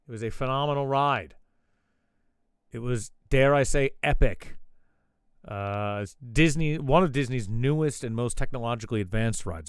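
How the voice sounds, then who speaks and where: A man's voice: medium pitch, no room sound. A man hosting his own show, telling a rambling, profane story in casual chat. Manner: swears a lot, rambling asides. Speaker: show host.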